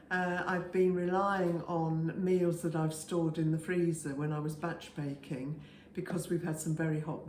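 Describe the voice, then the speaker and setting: A woman in her seventies from England, chatting homely and unhurried as she demonstrates a simple recipe in her home kitchen. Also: low voice, darkish tone, reverberant, slight background noise. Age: 70s. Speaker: home cook, channel host. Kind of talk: casual cooking demonstration.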